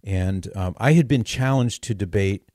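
A man hosting a call-in radio show, answering callers in a thoughtful, measured, good-humored way. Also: lowish voice, a little mellow, no echo, clean studio sound.

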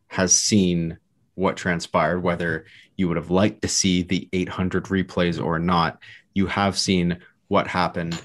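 Deep-voiced man hosting a sports chat. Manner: relaxed, steering the discussion, many "uh" fillers. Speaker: host. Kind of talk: casual sports discussion.

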